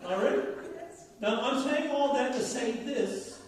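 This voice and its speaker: A man with a Newfoundland accent and a very high voice preaches at a measured pace as a pastor. His sermon is folksy and conversational, posing questions to the congregation, recorded with a far-off mic in an echoey church hall.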